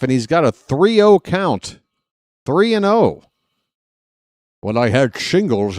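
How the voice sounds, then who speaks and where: A man streams live play-by-play of a baseball game, rambling, joking, and poking fun at himself. His voice is medium in pitch with a darkish tone, and the recording is clean studio sound with no echo.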